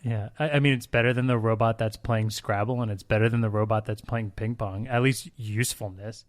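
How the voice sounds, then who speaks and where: A man co-hosting a podcast in casual chat, laughing and excitedly telling stories, in a hotel room. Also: fairly low pitch, a little fast. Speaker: podcast co-host.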